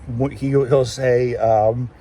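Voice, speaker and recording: A man in a casual walking vlog, rambling along with plenty of restarts. His voice sits mid-pitch and sounds soft and mellow, with a faint hiss behind it as he talks into a phone held outdoors. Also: flat delivery, takes it slowly. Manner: rambling, chatty, many restarts. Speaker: vlogger. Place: outdoors, walking through town. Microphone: handheld phone.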